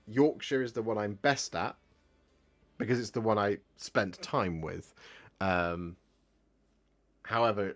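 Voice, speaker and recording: A young man with an English West Country accent, chatting casually on a live stream and answering viewers' questions. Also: fairly low pitch. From Gloucestershire, England. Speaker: streamer painting miniatures. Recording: faint music behind.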